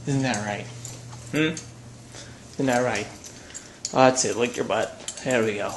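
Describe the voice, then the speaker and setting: A young man talking casually to his handheld camera in a daily vlog, chatty and excitable, breaking into squeals. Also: mid-range voice, unhurried, long pauses, a little hiss or hum. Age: young adult. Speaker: vlogger. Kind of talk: casual daily video blog. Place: at home, in a car and outdoors on campus.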